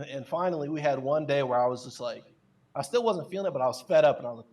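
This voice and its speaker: A man as a podcast guest telling casual, animated stories, with many fillers and restarts. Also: on the high side, fast talker. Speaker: guest, content creator.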